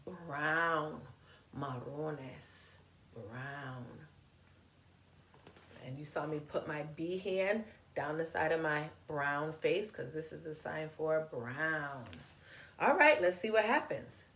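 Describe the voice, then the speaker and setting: A woman's voice: sits low, lively intonation, unhurried, fairly bright tone, reverberant, a little hiss or hum. A woman reading a picture book aloud to children, patiently teaching words and hand signs as she goes. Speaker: children's story reader and teacher.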